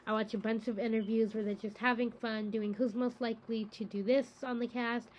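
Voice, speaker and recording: A woman's voice: a little high, little pitch movement, brisk, darkish tone, a little hiss or hum, poor audio. A woman hosting a book-reading channel, chatting casually to camera in a rambling, enthusiastic way with lots of fillers.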